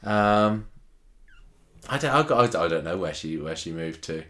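A man's voice: low-pitched, expressive, fairly bright tone. A British man co-hosting a podcast, chatting casually and laughing at himself while answering quiz questions. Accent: British English. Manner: chatty, self-mocking, quick to laugh. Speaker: podcast co-host. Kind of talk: casual chat, quiz contestant.

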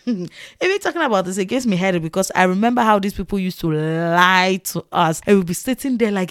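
A woman in a casual ranting monologue, animated and mocking, full of rhetorical questions and laughs. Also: mid-range voice, moderate pace, dry recording, studio quality. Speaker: vlogger.

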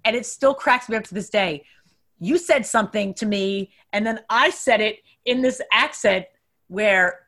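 A young woman in casual chat, animated and quick to laugh as she recalls stories. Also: a little high.

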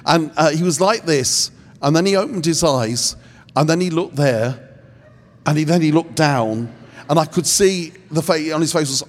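Guy teaching about prayer, kinda high voice, jokey and self-deprecating, acts stuff out, big echoey hall. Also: lively intonation, moderate pace. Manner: humorous, acts out little scenes, self-deprecating. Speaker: speaker at a prayer training session. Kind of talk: teaching talk with humor. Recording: long hall reverb.

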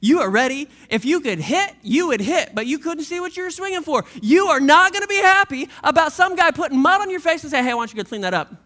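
A pastor preaching a sermon in a casual, animated way, full of slang and playful asides. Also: high voice, brisk, few pauses. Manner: animated, conversational storytelling with slang; shifts into a quiet, reflective tone late on.

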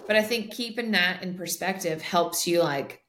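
A woman's voice: lowish voice, moderate pace, fairly bright tone. A woman co-hosting a casual faith conversation, often affirming and agreeing with her co-host. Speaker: podcast co-host.

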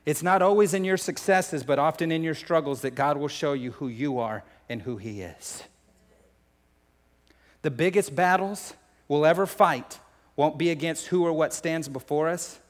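Preaching man in a reverberant hall. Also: on the high side. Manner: emotional, swings from loud to hushed; conversational, addresses crowd as folks and family. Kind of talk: sermon.

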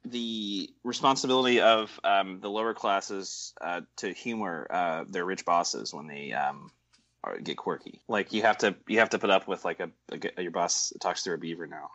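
A man's voice: deep voice, normal speed, fairly bright tone, no room sound, lo-fi sound. A man in casual podcast chat, hesitating with ums while making a teasing point. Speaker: podcast co-host.

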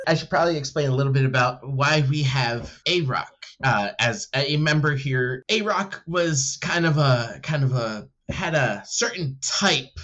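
A man playing a tabletop game who tells in-character stories in a rambling way, with many fillers, laughing, and higher voices for other characters. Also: animated, measured pace, few pauses, a bit bright, muffled recording. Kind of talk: in-character role-play storytelling.

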